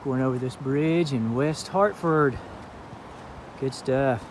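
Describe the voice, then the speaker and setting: Man, southern Georgia accent, middle pitch, slow easy storytelling, outdoors on a trail. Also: a little hiss or hum. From southern Georgia, USA. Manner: relaxed storytelling, reflective and faith-minded. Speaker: thru-hiker vlogger. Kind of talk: casual trail vlog talk.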